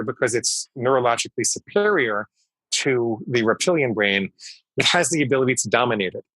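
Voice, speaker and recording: A man in his fifties speaks as an interview guest with a bright, crisp tone, and the sound is dry and close. He explains things emphatically and comes back again and again to his key phrases. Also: mid-range voice, no room sound, low-quality recording. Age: 50s. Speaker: guest psychologist. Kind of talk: conversational interview storytelling.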